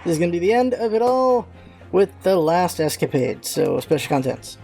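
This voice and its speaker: A woman hosting a casual game voice-through, reading scenes and joking in an animated, exasperated way. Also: lowish voice, moderate pace, faint music behind. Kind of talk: casual let's-play commentary and reading.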